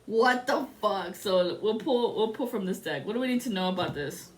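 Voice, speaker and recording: A woman doing a casual tarot reading, telling a story in a rambling, excitable way and swearing often. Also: medium pitch, normal speed, heavy background noise. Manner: rambling and profane. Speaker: tarot reader.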